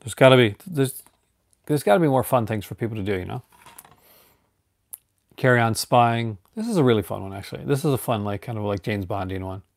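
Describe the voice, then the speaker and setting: A man's voice: medium pitch, animated, fairly quick, vocal fry, long pauses. A man from Newfoundland, Canada, chatting casually on a live stream and rambling through restarts and fillers.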